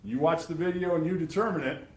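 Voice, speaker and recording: A man's voice: on the high side, fast talker. Sarcastic man arguing in an echoey courtroom. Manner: emphatic and sarcastic, addressing jurors. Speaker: prosecutor. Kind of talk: courtroom closing argument.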